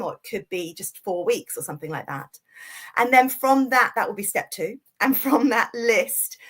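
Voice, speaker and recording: A woman's voice: medium pitch, a bit bright. A woman leading a family music webinar, explaining a plan step by step. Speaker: music session leader. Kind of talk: webinar teaching.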